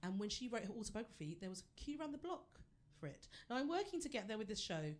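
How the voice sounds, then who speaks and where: A woman's voice: medium pitch, big pitch swings, fast. A woman performing a stand-up comedy set on a theatre stage, chatty and self-deprecating as she talks straight to the audience.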